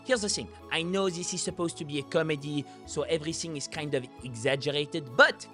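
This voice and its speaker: Brief: young Frenchman with French accent, playful reaction host, slightly high voice, faint music under him. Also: a little fast, pushed and bright. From France. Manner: chatty, playful, explains pronunciation. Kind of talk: casual commentary.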